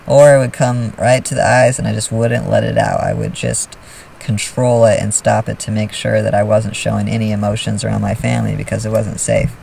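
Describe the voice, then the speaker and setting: A man talking casually to camera about his feelings and self-help, soft and earnest in a confiding way. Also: lowish voice, little pitch movement, fairly quick, vocal fry, recorded from a distance, a little hiss or hum, poor audio. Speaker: vlogger.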